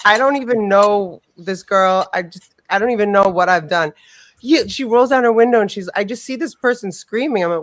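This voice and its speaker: A woman co-hosting a casual podcast, telling stories in a rambling, animated way and swearing freely. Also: mid-range voice, moderate pace, no room sound. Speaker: podcast co-host. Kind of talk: casual storytelling chat.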